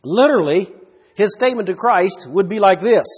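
A man with a high, husky voice delivers an expository sermon. He is emphatic and poses rhetorical questions to his listeners. His words ring out with a long reverb, as in a large hall. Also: lively intonation, normal speed. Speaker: preacher.

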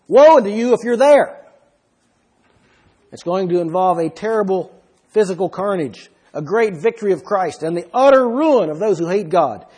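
A man delivers a sermon in a fairly high voice with a breathy edge. He reads long scripture passages aloud and then works through them for his listeners, explaining each point. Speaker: preacher.

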